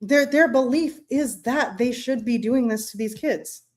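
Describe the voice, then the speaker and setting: Woman, podcast co-host, casual chat, blunt and profane, slips into quick voices for the people she retells. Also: a little high.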